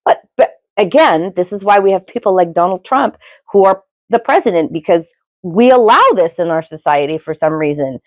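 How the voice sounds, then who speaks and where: Animated middle-aged woman, dry close sound. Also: no echo. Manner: animated, rambling, quick pitch jumps. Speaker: podcast co-host. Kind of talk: casual opinionated chat.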